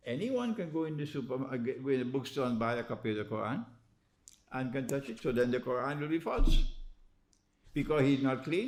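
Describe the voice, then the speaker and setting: A man giving an animated religious lecture as an Islamic lecturer. He poses rhetorical questions and prods his listeners with "huh?". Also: fairly high pitch.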